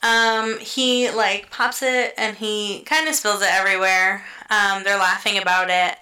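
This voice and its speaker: A young woman talks through a show in a loose, chatty way, filling pauses with likes and ums. Her tone is bright and ringing. She swears offhandedly and laughs easily. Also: medium pitch, level tone, poor audio. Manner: chatty, filler-heavy, swears casually, laughs often. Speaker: podcast co-host recapping a show. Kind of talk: casual chat.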